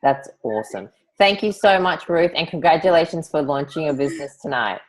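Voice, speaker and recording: Low-voiced woman hosting a video call. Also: expressive, a little fast, rough recording. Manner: chatty, calls guests honey and darling. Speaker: online event host.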